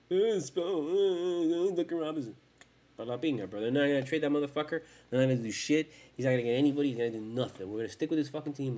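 A man's voice: lowish voice, a little mellow. Profane ranting man, tired host. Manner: profane, rambling, heated. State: tired, late at night. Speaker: sports fan podcast host. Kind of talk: casual rant.

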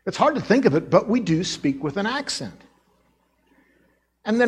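A man with a Midwest accent preaching a sermon in a church, telling the story with lively acted-out voices and accents. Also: high voice, moderate pace, pauses often, husky. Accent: American Midwest. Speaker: pastor. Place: church sanctuary.

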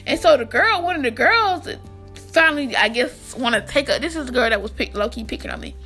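A young woman from the United States telling a rambling, animated storytime to her viewers, full of fillers and restarts. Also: high-pitched, brisk, soft background music. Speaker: vlogger. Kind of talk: casual storytime addressed to viewers.

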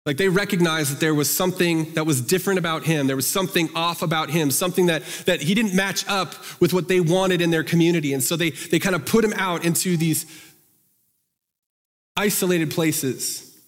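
A man's voice: a little high, a little fast. Conversational man preaching in a reverberant hall. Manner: conversational, asks the congregation questions. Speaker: pastor. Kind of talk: sermon with scripture reading.

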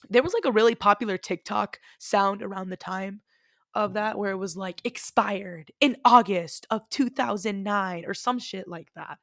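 A woman's voice: mid-range voice, gravelly, a bit bright, dry recording, clean studio sound. A young woman hosting her own podcast, telling a personal story in a chatty, dramatic way full of fillers. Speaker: podcast host. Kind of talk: casual storytelling monologue.

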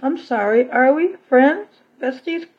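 A scheming young villainess who taunts her old friend with spite and mockery, as a woman reading the story puts her on. The voice sits a little high. The recording sounds dull and lo-fi. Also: fairly even intonation, moderate pace, close to an everyday voice. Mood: taunting. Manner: taunting, mocking.

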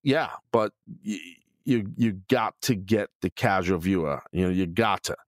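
A man's voice: low voice, a little slow, no echo, clean studio sound. A middle-aged man hosting a podcast, talking bluntly and rambling through listener questions with lots of fillers and restarts. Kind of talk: casual opinion talk.

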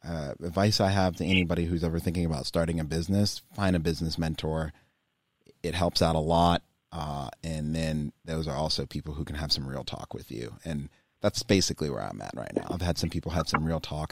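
A young man with a low voice talks frankly as an interview guest, his thoughts winding along with plenty of fillers. The sound is close and dry, with no room around it. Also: vocal fry, no echo. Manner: candid, rambling with many fillers. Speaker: guest, climbing business owner. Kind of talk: casual interview conversation.

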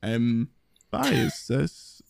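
A Scottish man hosting a podcast, telling lively, sweary stories in casual chat. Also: mid-range voice, slow, gravelly, no room sound, clean studio sound. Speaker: podcast host.

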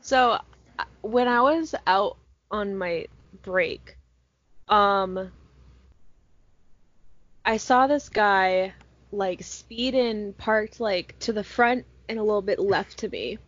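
A young woman chatting casually with friends and telling an animated story, swearing freely. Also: mid-range voice, slow, long pauses. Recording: muffled lo-fi sound, dry.

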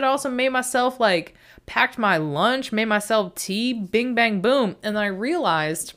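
A woman's voice: medium pitch, fairly bright tone. A young adult woman in a rambling, self-mocking casual monologue who swears often.

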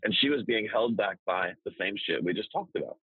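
A man talking casually as a business coach, blunt and profane, telling stories with animated energy. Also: on the low side, brisk, breathy edge, no room sound, phone-quality sound. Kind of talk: casual podcast chat.

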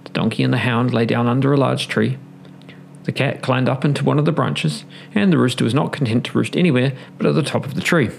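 A man with a gravelly voice reading a fairy tale aloud in an expressive storybook style. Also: medium pitch, fast talker, slight background noise.

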